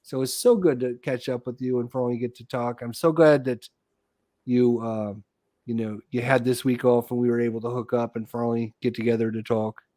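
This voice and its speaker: A man's voice: medium pitch, fairly even intonation, a little fast, dark tone, no echo, clean studio sound. A man hosting a casual live chat show. He rambles, restarts his sentences and loses his train of thought. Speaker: podcast host.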